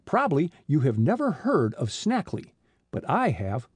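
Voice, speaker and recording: A man reading the part of a genial, self-assured middle-aged detective father with a measured delivery. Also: on the high side, huge pitch swings, slightly rough, dry recording, clean studio sound, heavily acted. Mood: serious. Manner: measured, amused then businesslike.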